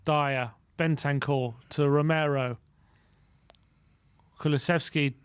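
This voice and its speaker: A man's voice: on the high side, fairly even intonation, takes it slowly, clear, resonant tone. A man calling the match play-by-play as a fan co-host, with exasperated outbursts.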